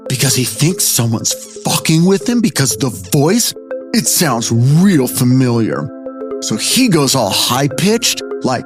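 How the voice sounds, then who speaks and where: A man in his fifties hosts a podcast, narrating stories in an animated, conversational way and speaking directly to his listeners. His voice is medium-pitched and a little slow, heard over loud music.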